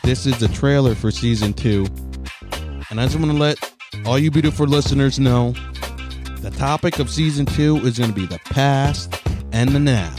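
A man hosting his podcast, talking casually in a flat, deadpan way from a closet at home. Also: medium pitch, moderate pace, music in the background. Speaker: podcast host. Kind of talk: casual podcast trailer talk.

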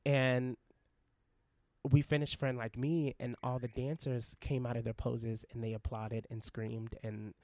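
A man's voice: mid-range voice, little pitch movement, a little slow, darkish tone, no echo, studio quality. A man guesting on a podcast as a Broadway actor, talking earnestly and expressively in a casual interview, laughing often.

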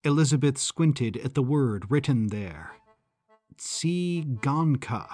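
Man, scripted story narration, calm, slow, faint background music. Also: medium pitch, no echo. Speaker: author and narrator.

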